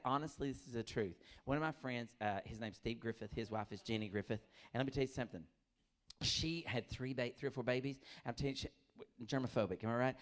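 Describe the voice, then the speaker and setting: Man doing animated stand-up. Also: medium pitch. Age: middle-aged. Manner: animated storytelling, acts out voices, laughs often. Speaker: stand-up comedian. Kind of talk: stand-up comedy set.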